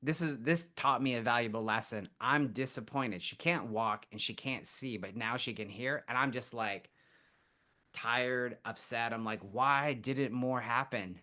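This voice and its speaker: A man guest on a podcast, telling stories in a casual, animated way and acting out what people said. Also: medium pitch, measured pace. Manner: animated storyteller, acts out quotes. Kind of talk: casual storytelling interview.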